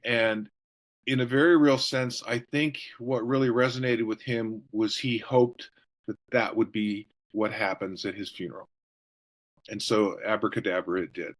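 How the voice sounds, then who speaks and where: A middle-aged or older man, a guest author, telling stories in an interview with quick jokes and voices acted out for the people he quotes. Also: medium pitch. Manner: jokey, animated storyteller who acts out quotes. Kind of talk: storytelling interview answers.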